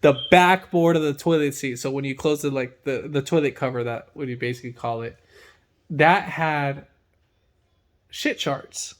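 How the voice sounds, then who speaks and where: Animated young man telling a gross story. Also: a little high, normal speed. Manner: animated, laughing, loose slang, big swings in loudness. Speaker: mechanic and channel host. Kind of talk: casual storytelling chat.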